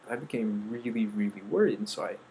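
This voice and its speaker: A man earnestly telling a personal story, acting out quotes and trailing off into soft asides. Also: fairly low pitch, quick pace, a little hiss or hum, rough recording. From United States. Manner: earnest, quoting others with shifts of voice, trailing off softly.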